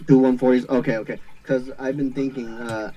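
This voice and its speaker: A man's voice: medium pitch, level tone, brisk, dark tone, lo-fi sound. A man chatting casually on a stream, rambling and laughing often. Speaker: stream co-host. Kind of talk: casual chat.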